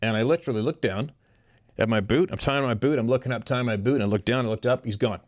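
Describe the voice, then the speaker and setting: A man's voice: medium pitch, quick pace. A man hosting a show, telling odd personal stories in a rambling way and chuckling as he talks to his listeners. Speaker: host reading listener stories. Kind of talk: casual storytelling.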